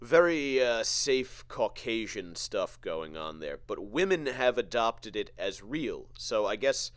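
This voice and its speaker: A man's voice: on the low side, sing-song, smooth, dry recording. Profane sarcastic man ranting. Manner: profane, sarcastic, halting restarts. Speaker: podcast host. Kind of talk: comedic rant.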